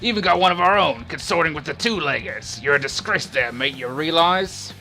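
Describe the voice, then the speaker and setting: A man's voice: mid-range voice, moderate pace, bright, forceful tone, faint music behind. A man doing a brash sneering dog-gang leader. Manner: brash, mocking, rough put-on accent.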